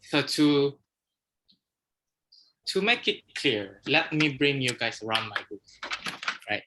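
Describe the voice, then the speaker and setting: A man's voice: medium pitch, expressive, slow pace, very noisy. A man speaking off the cuff on a video call, talkative and joking. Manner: jokey and talkative. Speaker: meeting participant. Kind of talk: impromptu speech.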